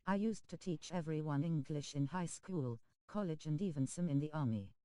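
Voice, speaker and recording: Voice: medium pitch, normal speed, dark tone, clean tone, dry recording, poor audio. A text-to-speech voice reading viewer chat messages aloud on a game stream, speaking emoji names and abbreviations literally.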